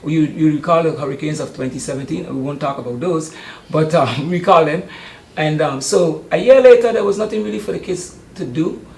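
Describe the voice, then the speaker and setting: An older man talks about his youth camp in a relaxed, hesitant way. His voice is gravelly and slightly high for a man. The sound is roomy, with faint noise behind him. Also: brisk. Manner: chatty and warm, often hesitating with ums. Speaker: youth sports camp organizer. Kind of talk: casual interview.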